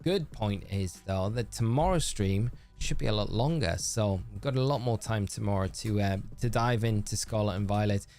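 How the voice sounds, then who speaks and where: A man's voice: fairly low pitch, normal speed, few pauses, a little mellow, soft background music. A man streaming a game live, chatting casually and reading viewer messages aloud as he answers them.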